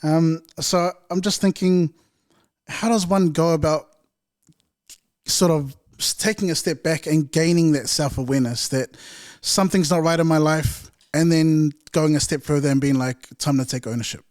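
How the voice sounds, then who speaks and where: A man hosting a podcast, asking thoughtful questions with hesitant pauses. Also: fairly high pitch, darkish tone. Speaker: podcast host. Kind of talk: interview questions.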